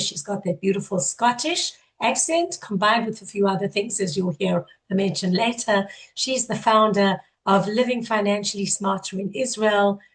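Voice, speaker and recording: Woman, South African accent, podcast host, a bit hoarse, upbeat, effusive, mid-pitched voice. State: partly lost voice, hoarse. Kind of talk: interview podcast hosting.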